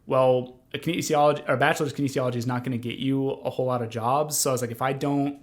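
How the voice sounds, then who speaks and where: A young man recounts his own story as a podcast guest in a flat, level voice that barely rises or falls. He talks in an earnest, rambling way, full of fillers and restarts. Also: medium pitch, fast talker. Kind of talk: conversational storytelling.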